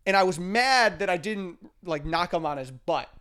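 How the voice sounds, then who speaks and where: A man's voice: high-pitched, expressive, moderate pace, pushed and bright, clean tone. A man co-hosting a podcast, telling a story with casual humor, acting out the quotes and defending himself insistently. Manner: acts out quotes in different voices. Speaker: podcast co-host.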